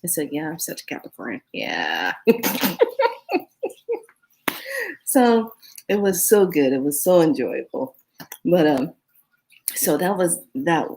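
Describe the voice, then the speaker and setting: Woman vlogger, low-pitched, chatty storyteller, earnest about manifestation. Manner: animated storytelling, acts out her own reactions; earnest advice on energy and manifestation. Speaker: spiritual vlogger. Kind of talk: casual storytelling monologue.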